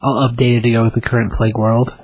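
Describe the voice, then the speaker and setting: A man chatting casually about a comic book, relaxed, agreeing and giving his score. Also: medium pitch, fast talker, slightly rough. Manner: relaxed, brief agreeing replies. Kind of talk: casual chat.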